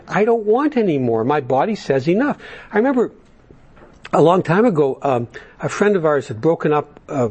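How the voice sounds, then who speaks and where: Man from Canada, fairly high husky voice, halting personal testimony full of restarts. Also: darkish tone. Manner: halting, with frequent restarts and stammered repeats; earnest, confessional storytelling. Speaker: speaker sharing a recovery story.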